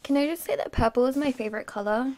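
A young woman filming an excited, rambling unboxing vlog, often dropping to an awed whisper. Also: sits high, fast, slight background noise. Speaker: vlogger unboxing an album.

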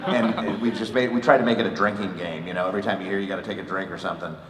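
A man's voice: low-pitched, fairly even intonation, racing, crowd noise. A man, a voice actor on a convention panel, telling a laughing anecdote. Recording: echoey convention hall, mic from far off.

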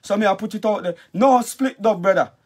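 A man with a strong Jamaican accent and a high-pitched voice rants in a heated, cursing monologue. He keeps turning back to the listener with repeated asides as he vents. He speaks as a dancehall artist addressing his audience directly. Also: brisk, husky. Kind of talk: heated vlog rant.

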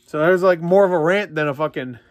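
A man's voice: on the high side, a little fast. A young man ranting in a casual, profane, exasperated way while unboxing a video game. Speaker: gaming vlogger.

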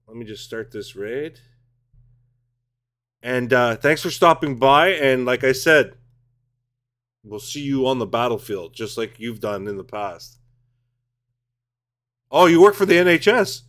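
A man's voice: mid-range voice, a bit bright. A man, streaming a tank game from his home basement, chatting casually with viewers, mocking himself and swearing when things go wrong. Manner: chatty, self-mocking, swears and blurts out during play. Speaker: gaming streamer. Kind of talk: casual live-stream commentary while playing.

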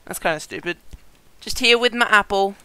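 A gaming video host giving excited let's-play commentary, chatty with viewers, giggling and yelping at surprises. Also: medium pitch, moderate pace, smooth, no echo, rough recording. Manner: chatty, talks straight to viewers.

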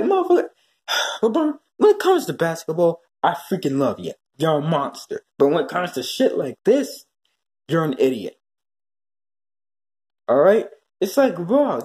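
A man ranting profanely in a commentary vlog, swinging between high yelling and low muttering. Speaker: commentary vlogger.

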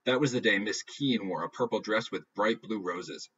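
A man reading a first-person novel aloud with a dry, deadpan delivery. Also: on the low side, moderate pace. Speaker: audiobook reader. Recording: dull lo-fi recording.

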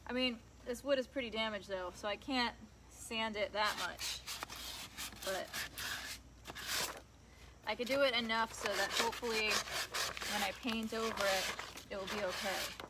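A woman's voice: fairly high pitch, steady tone, a little slow, long pauses. Young woman, casual livestream host, chatty and talking straight to viewers, outdoors with heavy sanding noise. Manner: chatty, talks to viewers and reads their comments. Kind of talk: casual live chat while working. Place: outdoors on grass. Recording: loud sanding noise in background.

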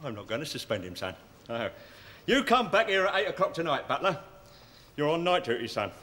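A smug bus inspector, gloating and sarcastic in an old sitcom. His voice is bright and slightly raised in pitch. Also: very animated, fairly quick. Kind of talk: 1970s studio sitcom acting.

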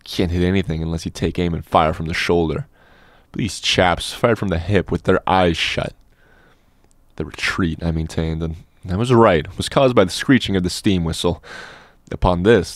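A man narrating a classic novel as an audiobook in a measured, steady storytelling manner, close on a studio mic. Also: deep voice, dry recording. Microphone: dynamic studio microphone.

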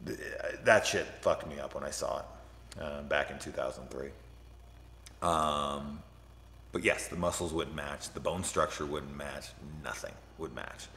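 Low-voiced man rambling about movies. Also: unhurried, vocal fry, sharp tone. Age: 30s. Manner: profane, rambling, often laughing. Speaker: movie reviewer on a livestream. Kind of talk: casual rambling movie talk. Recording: echoey room with long reverb.

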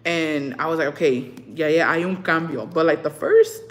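A woman's voice: deep voice, normal speed, hardly any pauses. Young woman cussing thru a story, flips into spanish, acts out the quotes, bit of faint background hum. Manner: profane storytelling, slips between English and Spanish; animated, acts out what people said. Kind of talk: casual chat.

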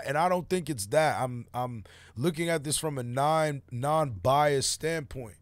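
A man's voice: a little high, moderate pace, dry recording. Slangy man reacting to music. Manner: laid-back slangy opinions, many fillers. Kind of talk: casual reaction commentary.

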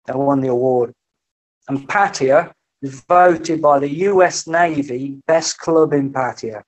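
A middle-aged man, a podcast guest telling lively anecdotes in casual conversation and acting out the voices he quotes. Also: medium pitch, slow. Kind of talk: storytelling in a casual interview.

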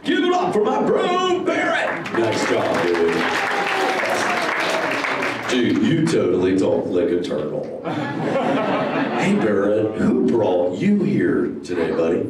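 A man's voice: lowish voice, huge pitch swings, slow, pauses often, full character voice. A man voicing a laid-back male surfer-dude sea turtle in a live improvised show, with a goofy drawl that keeps calling everyone "dude". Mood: stoked. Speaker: live interactive show character. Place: large indoor theater with an audience. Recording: echoey theater audio from far off, loud crowd.

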